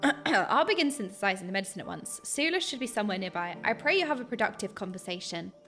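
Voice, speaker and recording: A woman's voice: mid-range voice, lively intonation, quick pace, fairly bright tone, faint music behind. A British woman reading out a polite game quest-giver's lines in a formal tone, close to her own voice. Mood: earnest. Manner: polite, formal read-out dialogue.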